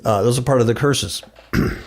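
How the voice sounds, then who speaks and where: A man's voice: mid-range voice, moderate pace. A man preaching and reading scripture aloud, emphatic and repeating words for effect. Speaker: preacher hosting a religious talk show.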